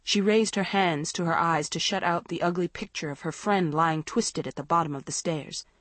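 A woman narrating a storybook in a measured, dramatic way. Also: fairly low pitch, a bit bright, no room sound. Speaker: audiobook narrator.

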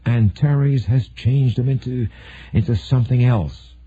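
A tough, blunt Air Force colonel, as the narrator voices him, talking firmly and decisively in a military audiobook. The voice is husky and comes through a narrow, phone-like band. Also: male voice, medium pitch, unhurried, mellow.

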